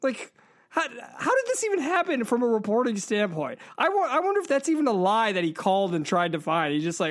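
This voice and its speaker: Joking, animated male podcast host. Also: very high voice, a little fast. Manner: animated, joking, laughs while talking. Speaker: podcast host and movie reviewer. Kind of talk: casual chat.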